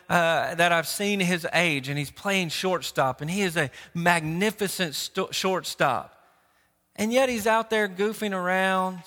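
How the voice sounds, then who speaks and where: A man's voice: high-pitched, sharp tone. A man pastor preaching a sermon, telling stories and acting out the voices of people he quotes. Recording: long hall reverb.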